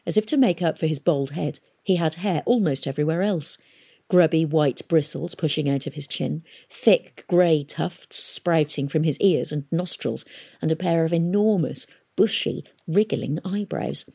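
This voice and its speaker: A woman reading a novel aloud in a steady, measured storytelling voice. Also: sits low, creaky, husky. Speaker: audiobook reader.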